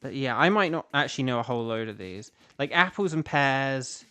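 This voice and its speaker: With soft music in the background, a young British man with a mid-range voice chats briskly, his intonation lively and his tone sharp, clear and resonant. He's a streamer and voice actor rambling casually during a gaming livestream, using lots of fillers and restarts.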